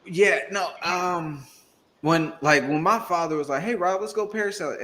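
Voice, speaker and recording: A man's voice: fairly high pitch, moderate pace. A man from Arkansas, raised in Indiana, hosting a livestream and telling a story in casual chat, acting out the quotes. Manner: animated storyteller, acts out quotes. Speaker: livestream host.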